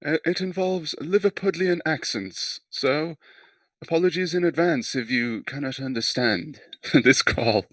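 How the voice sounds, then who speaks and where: A man's voice: a little high, unhurried, no echo, far from the mic. A man hosting a comedy call-in show, bantering casually in a dry, mock-formal way. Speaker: comedy show host and prank caller. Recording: noisy and away from the mic.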